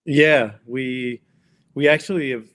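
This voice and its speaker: A man's voice: mid-range voice, takes it slowly. A man with an Australian accent, speaking casually as a podcast guest about his work, with many fillers. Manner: relaxed, hesitant with fillers. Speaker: guest, company co-founder. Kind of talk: casual interview chat.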